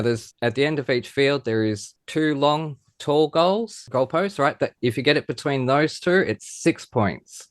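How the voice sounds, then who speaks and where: An Australian man in his late thirties hosts a casual podcast chat. He talks in an animated, sweary way at a middle pitch. His voice is recorded close and dry, with no room sound. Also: no echo. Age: 30s. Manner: animated, swears freely, acts out players in mocking voices. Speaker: podcast host.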